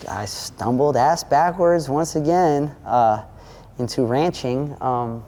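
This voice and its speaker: A man's voice: mid-range voice, slow pace. A man in his thirties telling a story as an interview guest, swearing freely and acting out the other people's lines. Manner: animated, acts out quoted dialogue, swears freely. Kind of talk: casual storytelling.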